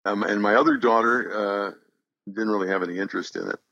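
A man's voice: lowish voice, steady tone, fast talker, vocal fry, sharp tone, no room sound, muffled recording. An older man, a voice actor guest in a casual interview, telling stories in an easygoing, self-deprecating way.

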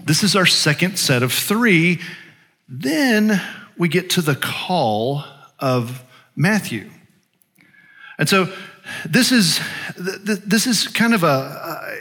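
A man's voice: a little high, a bit bright, breathy edge. A man preaching a sermon as pastor, talking casually with plenty of fillers and restarts. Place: church sanctuary. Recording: long hall reverb.

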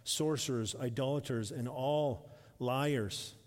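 A male pastor preaching a sermon. He grows emphatic and louder when reading scripture and drops softly for asides. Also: slow. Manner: drops to a soft, low voice for asides. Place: church sanctuary. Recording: reverberant church hall.

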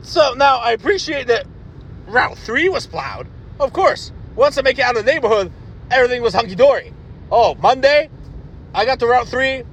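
A man with a high voice hosts a podcast and launches into a blunt, exasperated rant, swearing freely. His tone stays irritated and unfiltered throughout. A faint hum of noise sits behind him. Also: very animated, normal speed, a bit bright. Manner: blunt, profane, exasperated ranting. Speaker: podcast host. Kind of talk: ranting podcast monologue.

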